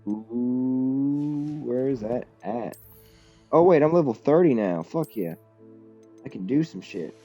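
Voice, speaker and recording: A man's voice: mid-range voice, expressive, takes it slowly, lo-fi sound, soft background music. Swearing, rambling streamer guy. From United States. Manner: loose, profane, rambling, laughs often. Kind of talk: casual live-stream chat while gaming.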